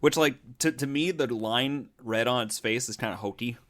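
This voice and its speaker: A man in a casual podcast chat, relaxed and measured in how he talks. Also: mid-range voice. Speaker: podcast co-host.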